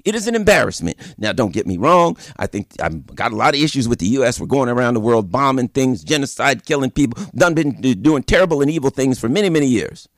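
A man hosting a political commentary show, delivering an animated opinion monologue full of repeated points and rhetorical questions. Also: medium pitch, fast talker, hardly any pauses, no room sound, clean studio sound.

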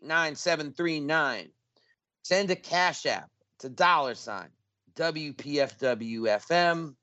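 An upbeat man co-hosting talk radio, urging listeners to give during a pledge drive. His voice sits in the middle range and sounds dry and close, with slightly muffled highs from the studio broadcast. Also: a bit bright, dry recording. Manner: upbeat, pitching donations. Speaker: radio co-host.

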